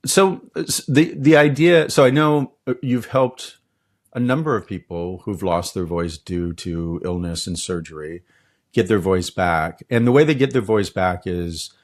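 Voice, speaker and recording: A man's voice: low-pitched, unhurried. A man hosting a podcast interview, asking curious, rambling questions. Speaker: podcast host.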